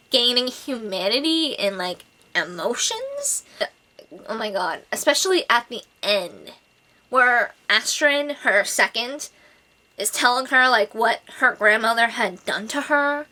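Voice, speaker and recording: A woman reviewing a book in a casual vlog, gushing and excitable, full of "like" and "oh my God". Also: high voice. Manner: gushing, excitable, filler-heavy with lots of "like" and "oh my God".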